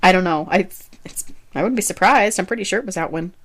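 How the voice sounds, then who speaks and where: A woman's voice: on the low side, fast talker. A young adult woman co-hosting a podcast in casual chat, chatty, laughing often and trailing off mid-sentence. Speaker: podcast co-host.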